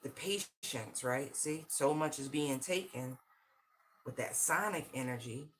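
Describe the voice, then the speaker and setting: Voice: mid-range voice, a little slow, slight background noise. An intense, slangy tarot reader giving a livestream reading and talking straight to viewers. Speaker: tarot and channeled-message reader.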